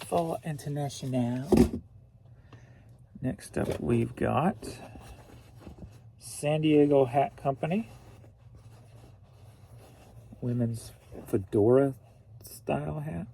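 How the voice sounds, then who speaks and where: A man's voice: a little high, lively intonation, takes it slowly, creaky, long pauses, dark tone, slight background noise. A man from St. Louis, an online reseller casually narrating as he packs orders, muttering to himself while he works. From St. Louis, Missouri.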